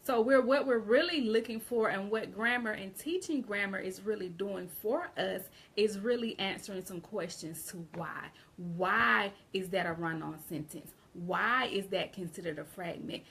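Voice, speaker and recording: A woman with a Southern American accent talks through an English grammar lesson in a loose, conversational way. Her voice has a gravelly edge, and her pitch sits in the middle. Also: normal speed, hardly any pauses, a bit bright. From Southern United States. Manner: conversational, repeats and restarts phrases. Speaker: English teacher. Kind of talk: casual online grammar lesson.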